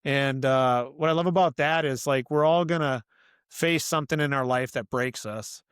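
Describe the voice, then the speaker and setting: A man's voice: mid-range voice, normal speed, fairly bright tone, clean tone, dry recording, studio quality. A middle-aged man talking as a podcast guest, earnest and rambling, with lots of "you know" and "like" as he explains his work as an author and coach. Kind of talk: casual interview conversation.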